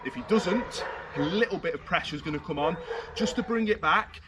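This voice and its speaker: A British man working as a dog trainer, explaining his methods while giving firm short commands and high praise to a dog outdoors. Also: normal speed. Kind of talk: outdoor training demonstration with commentary. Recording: distant outdoor mic with heavy noise.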